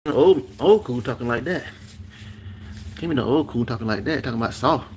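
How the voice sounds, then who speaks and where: A man's voice: mid-range voice, lively intonation, brisk, a little mellow, a little hiss or hum, poor audio. A man vlogging as he cooks, chatting casually to his viewers and rambling, repeating phrases, talking slangy. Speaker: cooking vlogger.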